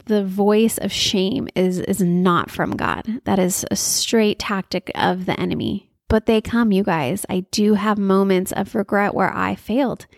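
An earnest woman in her thirties tells a story from her own life. She speaks at a middle pitch and confides in the listener. Her voice is recorded close and dry. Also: steady tone, a little slow, gravelly, few pauses, dry recording. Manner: earnest, confiding, acts out quoted dialogue. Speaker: mother sharing faith stories. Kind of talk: personal storytelling.

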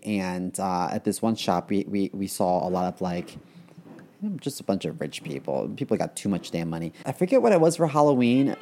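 A man's voice: on the low side, warm tone. A man co-hosting a podcast, telling crude stories casually with dry humor. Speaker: podcast co-host. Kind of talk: casual storytelling.

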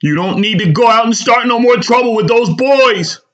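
A man voicing a desperate, insistent mother in a high, strained pleading voice, on a slightly dull recording. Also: moderate pace, fairly bright tone. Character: pleading, insistent mother, middle-aged woman.

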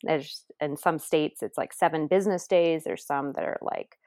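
Brief: low, dry-voiced woman, earnest and tender personal storytelling, sometimes hushed. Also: fairly even intonation, normal speed, no room sound. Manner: earnest, tender, drops to near-whisper at moments. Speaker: adoptive mother guest.

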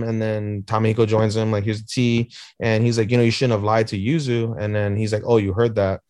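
Swearing, animated male podcast recapper. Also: lowish voice, no echo, studio quality. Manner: animated retelling, acting out characters' lines with swearing. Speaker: podcast co-host. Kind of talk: casual episode recap.

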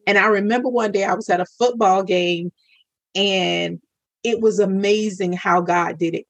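A woman's voice: medium pitch, no echo. Earnest woman telling her faith story. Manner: earnest, acts out her own past words to God. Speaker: podcast guest, storyteller. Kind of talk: personal testimony in an interview.

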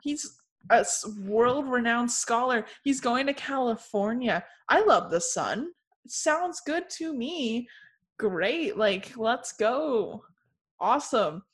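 A young woman co-hosting a casual chat, animated and joking, often laughing. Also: a little high, slow pace, slightly rough.

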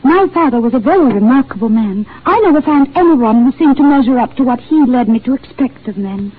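An actress playing a shy, gentle and lonely bookshop clerk, speaking sweetly in a 1940s radio drama on a tinny broadcast. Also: female voice, sits high, animated, brisk, breathy edge. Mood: tender. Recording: tinny lo-fi old radio broadcast, faint hiss.

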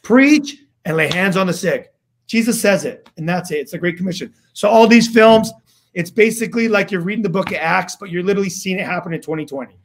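High-voiced man telling a lively story. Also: brisk, slight background noise. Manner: casual slangy, acts out quotes. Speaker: guest. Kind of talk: animated storytelling testimony.

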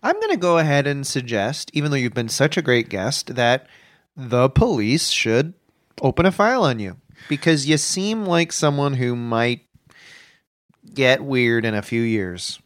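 A man co-hosting a comedy podcast, rambling and joking as he hunts for words. His mid-pitched voice is very expressive and lively. The recording is close and dry. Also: unhurried, no echo. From Canada. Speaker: podcast co-host. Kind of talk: improvised comedy chat.

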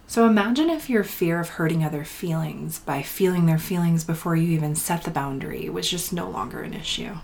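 A woman in her thirties hosting a spiritual healing podcast, talking softly and often dropping to a whisper, with blunt swearing mixed in. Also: lowish voice, a little hiss or hum. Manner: soft, breathy delivery slipping into whispers, blunt swearing. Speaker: podcast host and healing coach. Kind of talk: intimate spiritual podcast talk.

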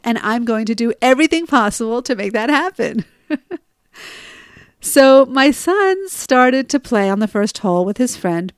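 A woman's voice: fairly high pitch, lively intonation, a little slow, clear, resonant tone, dry recording, clean studio sound. A middle-aged woman telling a personal story in a conversational way, often asking listeners "right?" and laughing at herself. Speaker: storyteller sharing personal stories.

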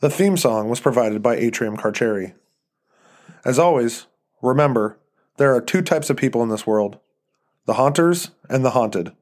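Podcast host narrating horror fiction, measured and even, mid-range male voice. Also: medium pitch. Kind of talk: scripted narration of a horror story.

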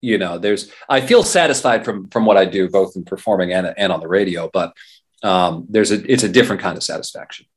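A man's voice: sits low, fairly quick. A man, a radio journalist and performer, chatting as an interview guest, rambling with frequent restarts. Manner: rambling, many restarts and fillers. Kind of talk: casual interview talk.

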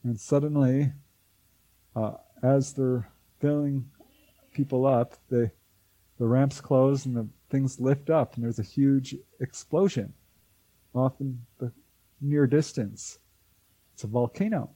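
Husky dark-voiced male storyteller. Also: mid-range voice, slow, long pauses, dry recording, poor audio. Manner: animated storyteller who acts out quoted voices. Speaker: author and UFO researcher, guest. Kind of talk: storytelling in an interview.

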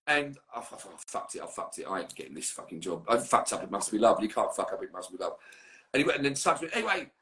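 A man's voice: on the low side, expressive, fast, a bit bright, echoey room. A middle-aged man, a guest musician swearing freely as he rambles through anecdotes in casual podcast chat.

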